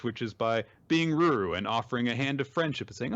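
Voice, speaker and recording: Animated man recapping manga. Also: medium pitch, fast, hardly any pauses, dull audio. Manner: animated, jumps into silly character voices for quotes. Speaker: podcast host recapping manga. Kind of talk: casual chat, summarizing with voiced quotes.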